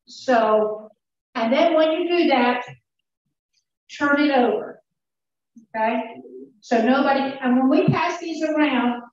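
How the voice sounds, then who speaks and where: A woman speaker teaches from a church platform and tells her story in an earnest, halting way. Her voice sits a little high. It reaches the mic from a distance, sounding dull and booming around a very reverberant sanctuary. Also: slight background noise. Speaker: conference speaker. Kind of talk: sermon-style teaching with a story.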